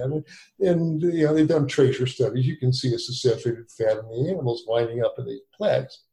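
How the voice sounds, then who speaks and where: A man in his sixties, a doctor, tells long stories in an interview and keeps restarting his sentences. His voice is warm and mellow. The sound is roomy and echoey. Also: medium pitch, fairly even intonation, normal speed. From United States. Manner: rambling with many restarts and fillers. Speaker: physician guest. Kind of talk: conversational interview storytelling. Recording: echoey room.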